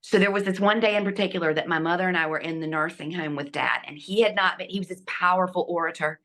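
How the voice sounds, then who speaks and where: A middle-aged woman, a guest telling a personal story with lively delivery and hushed asides. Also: lowish voice, quick pace. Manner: animated, acts out quotes, drops to hushed asides.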